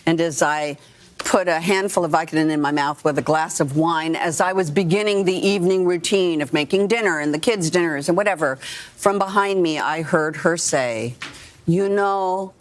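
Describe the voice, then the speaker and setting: A woman's voice: on the low side, moderate pace. A woman in her sixties, an actress speaking frankly and emphatically as a guest on a morning TV interview. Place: TV studio.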